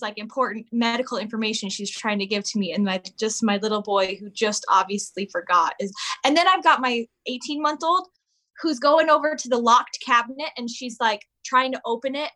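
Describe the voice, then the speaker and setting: A woman in her thirties, chatting casually as a podcast guest and telling an animated story. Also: fairly high pitch. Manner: animated storyteller, acts out voices of her kids. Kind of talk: casual chat.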